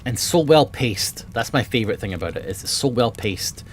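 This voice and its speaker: A man's voice: medium pitch, lively intonation, moderate pace, few pauses, slight background noise. Man rambling about books. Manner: rambling and enthusiastic, swears often. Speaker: streamer. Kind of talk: casual chat about books. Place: home room with bookshelves.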